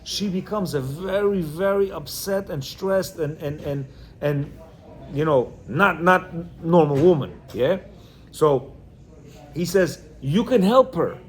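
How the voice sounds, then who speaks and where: A man's voice: fairly high pitch, lively intonation, slow. A man teaching a religious class, reading from a book and explaining each passage in plain words and checking in with his listeners. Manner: talks in bursts with many restarts.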